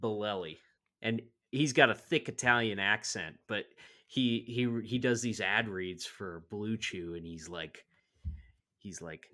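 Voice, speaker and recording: A man co-hosting a casual podcast chat, rambling and trailing off softly at the ends of thoughts. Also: on the low side, unhurried. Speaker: podcast co-host.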